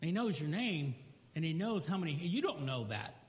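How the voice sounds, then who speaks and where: A man's voice: a little high, sing-song, brisk. A man preaching a sermon, telling stories and acting out quotes and everyday asides. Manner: storytelling preacher who acts out quotes and asides. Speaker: pastor. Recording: long hall reverb.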